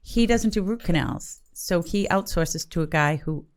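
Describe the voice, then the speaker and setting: Brief: woman co-host, lowish voice, easy conversational storytelling. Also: expressive, normal speed. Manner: conversational, frequent backchannels. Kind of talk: casual chat.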